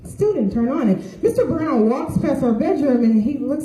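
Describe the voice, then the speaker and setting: A middle-aged woman performs a stand-up set on stage, her voice very dark and mellow. She rises and falls in lively pitch as she acts out the people in her stories, heard in an echoey room. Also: normal speed. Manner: storytelling with voiced quotes of others. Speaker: stand-up comedian. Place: stage with audience laughter.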